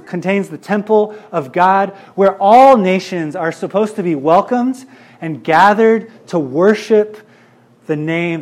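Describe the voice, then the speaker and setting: A man's voice: high voice, a little mellow. A male pastor preaching a sermon in an earnest way, repeating phrases for emphasis.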